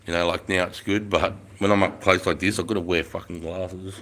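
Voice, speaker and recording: Deep aussie bloke in his 40s chatting on a phone livestream, laid-back, swears a lot, chuckles. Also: little pitch movement, a little fast, fairly bright tone. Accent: Australian. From Australia. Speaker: livestream host. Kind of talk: casual livestream chat.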